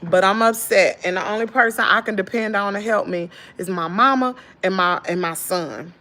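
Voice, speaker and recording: A tired woman in her thirties with a Southern US accent, venting in casual chat to her viewers, swinging from loud exclaims to low muttering. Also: normal speed. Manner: folksy slangy talk, addresses viewers as y'all. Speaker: channel host.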